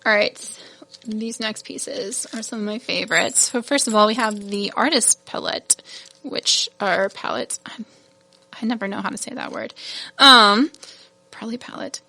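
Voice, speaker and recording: A woman's voice: mid-range voice, moderate pace, vocal fry, pushed and bright. A woman hosting a casual product showcase, chatty and gushing, laughing at her own fumbles. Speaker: shop host showing new beads.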